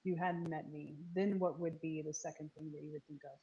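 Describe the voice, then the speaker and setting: Hesitant, probing woman with a lowish voice. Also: steady tone, a little fast, lo-fi sound. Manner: hesitant, restarts often, gently probing. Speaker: stream host reading chat. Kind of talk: casual chat and interview.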